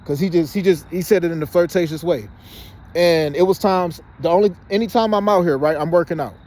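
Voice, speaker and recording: Man, rapid insistent outdoor phone vlog, high-ish voice. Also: a little mellow. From Detroit, Michigan. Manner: rapid and insistent, often says "you know what I'm saying". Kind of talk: casual monologue to camera. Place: outdoors by a fenced exercise area.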